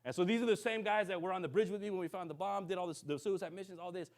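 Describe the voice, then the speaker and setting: A man preaching to a congregation. He tells a story with lively, acted-out dialogue and keeps checking in with his listeners. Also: high voice, racing. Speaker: minister. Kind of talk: sermon storytelling.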